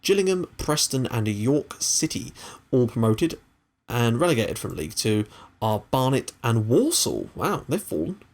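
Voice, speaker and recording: Male, young adult, gaming host, chatty, excitable, mid-pitched. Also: a little slow. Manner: chatty, excitable, swears casually. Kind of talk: casual game commentary.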